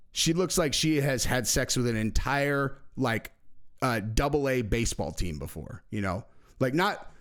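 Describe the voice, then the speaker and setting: A man's voice: mid-range voice, smooth. A man hosting his own channel, talking crudely and casually, swearing and laughing at his own jokes. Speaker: YouTube host.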